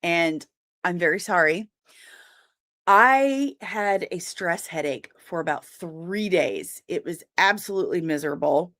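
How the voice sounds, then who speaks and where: A woman's voice: fairly low pitch, expressive, measured pace, fairly bright tone. A young woman hosting a casual livestream, chatting and greeting viewers by name, with easy laughs. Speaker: livestream host.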